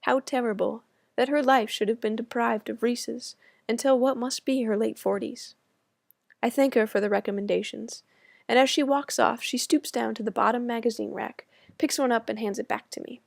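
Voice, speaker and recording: A woman's voice: on the high side, fairly even intonation, moderate pace, vocal fry, dry recording, studio quality. A young American woman from the States reading her own personal essay aloud with wry, self-mocking humor. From United States. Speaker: student writer.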